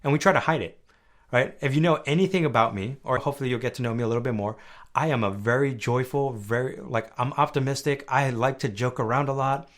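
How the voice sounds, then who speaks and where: A young man hosts a faith-based personal podcast, talking earnestly and conversationally at a quick pace and often asking "right?" He drops soft and low at times, then rises loud and high when stirred.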